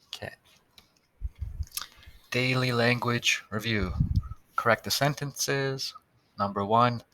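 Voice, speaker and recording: A man's voice: medium pitch, takes it slowly, pushed and bright, dry recording. A man teaching a recorded tutorial for young students, patiently sounding out words and spelling them letter by letter.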